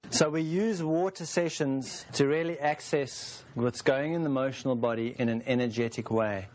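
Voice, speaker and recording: Calm man in his forties teaching. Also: medium pitch. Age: 40s. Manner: unhurried and explanatory, with homely metaphors. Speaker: teacher of a self-help process. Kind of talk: calm spoken teaching session.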